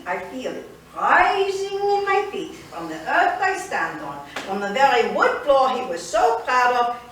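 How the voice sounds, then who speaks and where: A woman's voice: high voice, exaggerated voice. A woman playing a spirited, fiery old grandmother. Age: older. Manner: expressive storytelling, switching between wistful and fiery. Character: older immigrant grandmother, spirited and indignant. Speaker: solo stage performer. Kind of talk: theatrical monologue. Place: theater stage. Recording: echoey theater, from a distance.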